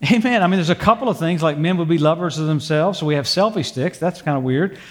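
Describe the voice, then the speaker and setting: A man's voice: on the high side, quick pace. An older man in his sixties preaching a sermon to a congregation in a church, folksy and humorous, dropping in praise and amens between stories, then leading a prayer. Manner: folksy, humorous storytelling with frequent praise interjections. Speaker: pastor. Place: church sanctuary before a congregation.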